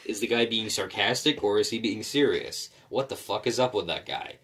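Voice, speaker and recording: Guy kinda low voice ranting into the mic, stutters n cusses, keeps restarting. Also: moderate pace. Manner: stammering, profane, with frequent restarts; rants, then calms into musing. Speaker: solo commentator. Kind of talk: rambling rant to the mic.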